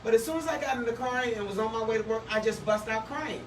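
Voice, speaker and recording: A woman's voice: on the high side, fast talker, slight background noise. Radio co-host, woman, heartfelt and confiding, heard off-mic in an echoey room. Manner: heartfelt, confiding, faith-centered. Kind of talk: live radio talk, personal testimony. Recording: roomy sound from a distant mic.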